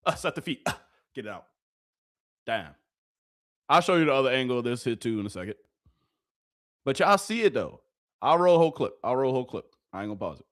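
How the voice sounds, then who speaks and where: A man's voice: a little high, fairly bright tone. Hyped man commentating football clips. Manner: hyped, chatty, laughing, slangy. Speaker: sports video host. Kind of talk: casual live commentary over game clips.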